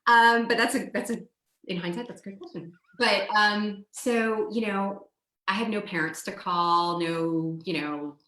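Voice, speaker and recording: A woman from the United States, a guest telling a personal story in a lively, chatty way, often saying "like" and "you know". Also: medium pitch, a little slow, roomy sound, poor audio. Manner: lively, acts out quoted dialogue, frequent "like" and "you know".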